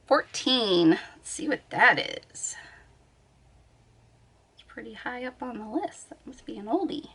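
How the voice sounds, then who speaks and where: A woman's voice: on the high side, animated, a little slow, pauses often, a bit bright, husky. A woman vlogging from her bed at home, chatting casually, thinking aloud and laughing often. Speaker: beauty vlogger. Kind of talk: casual chat.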